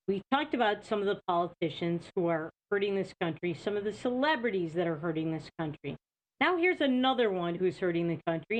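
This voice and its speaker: A woman's voice: medium pitch, poor audio. Indignant woman hosting a talk show. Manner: indignant, rhetorical questions. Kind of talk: opinionated political commentary.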